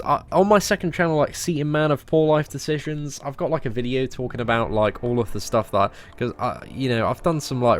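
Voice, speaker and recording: A young man, chatting cheekily with viewers on a late-night live stream, swearing casually and calling everyone mate. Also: lowish voice.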